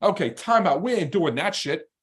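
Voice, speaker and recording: A man's voice: high-pitched, husky. A man hosting a live trading stream and reading chat, talking in a blunt, profane, combative way. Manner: fast, rambling and animated when ranting. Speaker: livestream trading host.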